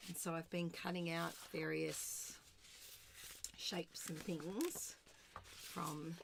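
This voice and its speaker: A woman's voice: on the low side, flat delivery, takes it slowly, gravelly, background noise. An Australian woman in her thirties chatting casually and rambling while she crafts, murmuring to herself as she writes. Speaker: art streamer.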